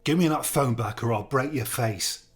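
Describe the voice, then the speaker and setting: A man's voice: mid-range voice, normal speed, close to an everyday voice. A man voicing a crude, aggressive male prisoner who talks in coarse slang and threats. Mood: threatening.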